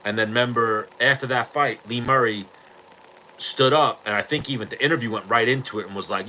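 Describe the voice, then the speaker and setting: Foul-mouthed guy rambling on his podcast, bright forceful voice. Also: mid-range voice, a little fast, a little hiss or hum, low-quality recording. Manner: blunt, profane, rambling. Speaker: podcast host. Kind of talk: casual chat.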